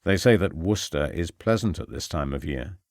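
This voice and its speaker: A man voicing a secretive, sinister man who speaks low and cold. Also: lively intonation, fairly quick, a little mellow, no room sound, clean studio sound. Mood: menacing.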